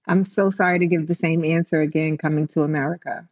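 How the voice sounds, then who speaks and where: A woman's voice: deep voice, quick pace, highs cut off. A woman comedian, a guest on a podcast, chatting animatedly with many restarts. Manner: animated, full of likes and restarts. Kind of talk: casual interview chat.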